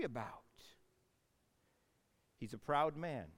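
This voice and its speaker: A man preaching a sermon, telling a Bible story with animated swings between loud outbursts and hushed asides. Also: medium pitch, normal speed, pauses often, big-room sound. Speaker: pastor.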